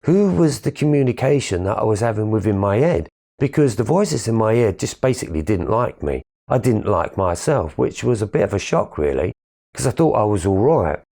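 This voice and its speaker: A man's voice: fairly low pitch, sing-song, normal speed, creaky, mellow. A man giving a candid, earnest spiritual talk about his own life, swearing casually as he tells it. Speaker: spiritual speaker. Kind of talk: reflective personal monologue.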